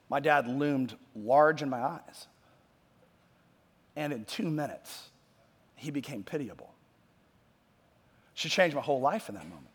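A male pastor with a fairly high voice preaches in a casual, conversational way. He climbs to loud emphatic points, then drops to hushed asides. A long reverb trails after his words, as in a large hall. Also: slightly rough. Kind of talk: sermon.

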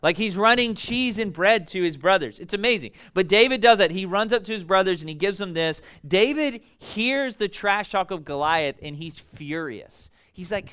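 A man's voice: high voice, animated, brisk, hardly any pauses, bright, forceful tone, clean tone. A young man preaching a casual, joking sermon full of fillers and asides. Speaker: pastor.

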